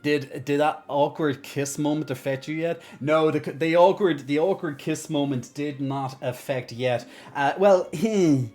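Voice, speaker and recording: A woman's voice: sits low, measured pace, few pauses, a little mellow, soft background music. A woman streamer chatting casually on a game livestream, giggly and rambling.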